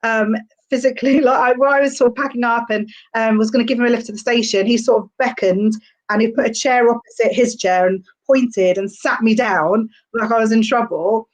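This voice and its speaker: A woman's voice: on the high side, steady tone, brisk. Chatty rambling woman comedian. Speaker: stand-up comedian, podcast guest. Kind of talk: casual podcast chat.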